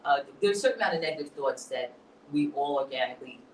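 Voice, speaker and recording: A poet speaking as a guest in a live onstage interview, an animated storyteller who mixes motivational talk with laughter. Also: male voice, on the high side, quick pace, roomy sound, distant mic, very noisy. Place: hall at a live event.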